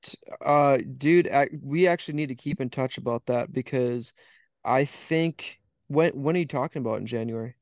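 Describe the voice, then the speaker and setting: A man's voice: mid-range voice, moderate pace, no room sound, lo-fi sound. A young man from Wisconsin with an Upper Midwest accent, a laid-back podcast guest who laughs easily and acts out what people said to him. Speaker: podcast guest, hunting guide. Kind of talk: casual chat.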